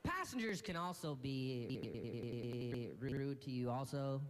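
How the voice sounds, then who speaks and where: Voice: mid-range voice, animated, slow pace, a little hiss or hum. A stand-up comedian telling travel stories, with a strong stutter that repeats words many times. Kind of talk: stand-up routine.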